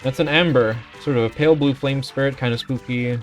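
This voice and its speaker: A man's voice: medium pitch, fairly quick, faint music behind. A man streaming a video game, chatting casually and reading game text aloud with offhand jokes. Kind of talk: casual gameplay commentary.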